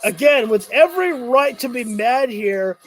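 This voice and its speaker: A man doing live watch-along commentary of a wrestling show, excitable, shouting and cursing at the action, sometimes tripping over his words. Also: very high-pitched, measured pace. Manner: rambling, stumbles over words.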